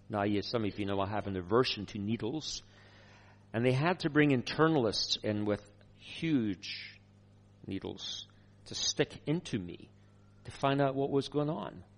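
Male preacher, sermon, storytelling, lively, chuckling. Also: mid-range voice.

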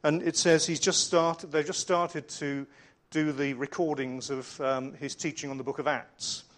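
Preacher: middle-aged man, a touch high-pitched, earnest storytelling sermon. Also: flat delivery, measured pace, fairly bright tone. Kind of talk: sermon with slides.

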